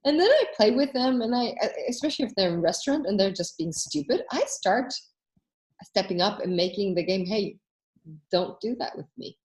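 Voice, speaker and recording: A woman hosting a coaching workshop, telling anecdotes in a casual, animated way and acting out the voices she quotes. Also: mid-range voice, brisk, roomy sound.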